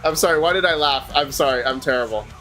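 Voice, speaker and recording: Chatty livestream host, faint music behind. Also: male voice, a little high, quick pace, bright, forceful tone. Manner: chatty, talks to viewers while working on hardware. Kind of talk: casual livestream chat.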